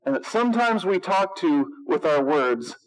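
A man's voice: on the high side, expressive, normal speed, poor audio. A man preaching a sermon as pastor, in a conversational, wry and sarcastic way, acting out quoted voices.

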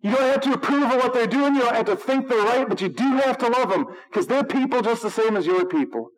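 A pastor with a light, high voice preaches to his congregation in a loose, conversational way, speaking fast with lively intonation. He slips into sarcasm and acts out the voices he quotes. The poor audio sounds like a radio broadcast.

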